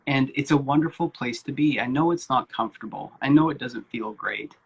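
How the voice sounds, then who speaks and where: A husky-voiced man in his forties tells his life story in a loose, candid way. He talks informally, pauses on fillers and swears without fuss. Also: mid-range voice. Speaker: guest speaker, spiritual coach.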